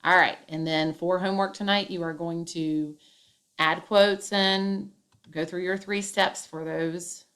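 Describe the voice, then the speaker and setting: A woman's voice: on the low side, fairly even intonation, measured pace, a bit bright. A woman teacher giving a classroom grammar lesson, explaining step by step and acting out example sentences with emphasis.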